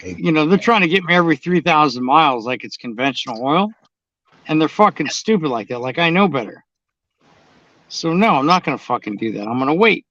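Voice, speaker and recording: A man's voice: fairly high pitch, a bit bright, no echo. A man chatting casually and bluntly, swearing constantly as he tells his stories. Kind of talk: casual profane chat. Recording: dull, dry lo-fi sound.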